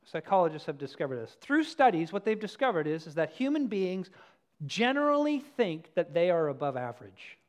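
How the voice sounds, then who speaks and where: Pastor, sermon, animated storyteller, mid pitch, loud and soft swings. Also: a little fast.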